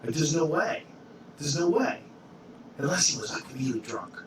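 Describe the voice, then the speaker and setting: A man's voice: fairly high pitch, big pitch swings, normal speed, far from the mic, a little hiss or hum. A man hosting a casual podcast chat, talking loosely and rambling with lots of "like". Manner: loose, rambling, says "like" often.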